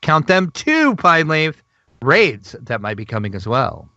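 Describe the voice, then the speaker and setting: Male co-host, excitable and gushy, casual gaming news chat; dry close sound. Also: a little high, unhurried, no room sound, dull audio. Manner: excitable, gushing, laughs often. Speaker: podcast co-host.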